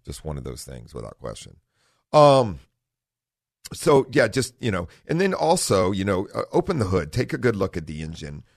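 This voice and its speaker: A middle-aged man hosting a car talk radio show in a studio, relaxed and rambling, often correcting himself. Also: sits low, normal speed, gravelly, no echo. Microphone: studio microphone.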